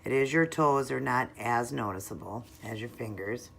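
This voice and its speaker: A woman with a strikingly deep, gravelly voice narrates a nail art tutorial at home. She chats casually, explaining every step, and now and then drops into a soft murmur as she concentrates. A faint hiss sits under the recording. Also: moderate pace.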